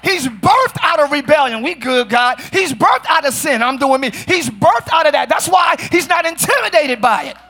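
A middle-aged male pastor preaching a sermon in a church, often shouting, with playful asides to the congregation. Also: very high-pitched, expressive, normal speed, vocal fry, few pauses. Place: church sanctuary.

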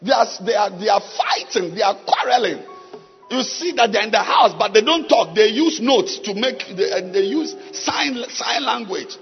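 Preacher with a high voice. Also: male voice, soft background music. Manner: preaching with drawn-out pauses and sudden shouts. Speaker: pastor. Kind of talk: sermon. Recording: dull sound with long hall reverb.

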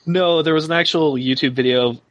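A man playing in a tabletop game, describing his character's approach in a relaxed way full of fillers. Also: fairly high pitch, a little fast. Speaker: player. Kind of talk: casual tabletop play.

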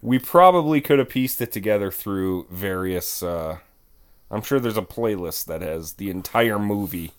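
A young man co-hosting a podcast, chatting in a wry, animated way with dry jokes. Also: lowish voice, normal speed, clean tone. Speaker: podcast co-host. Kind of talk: casual chat.

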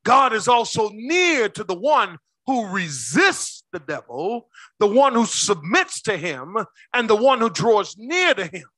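High, bright-voiced preaching pastor. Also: male voice, big pitch swings, no echo. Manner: call-and-response questions to the congregation; slows down to stress words. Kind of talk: sermon.

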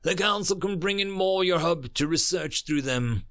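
A man voicing a cold, relentless male insectoid alien warrior in a narrated story, speaking flatly and insistently. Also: high-pitched, moderate pace, smooth, pitched above the performer's own voice. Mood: cold, demanding. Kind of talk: audiobook-style story narration.

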